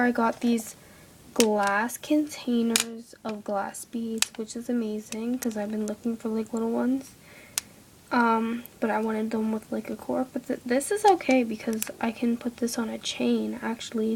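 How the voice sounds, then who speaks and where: A teenage girl half-whispering a casual craft tutorial at home, apologetic and easily irritated. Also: a little high. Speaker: craft video maker. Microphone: iPod camera close by. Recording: faint background noise.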